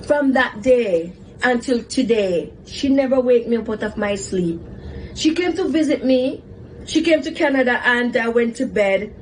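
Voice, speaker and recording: Female host, high voice, animated storyteller, faint hum behind, talk-show monologue. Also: measured pace, low-quality recording. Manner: animated, laughs often while telling a story. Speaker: host, psychotherapist.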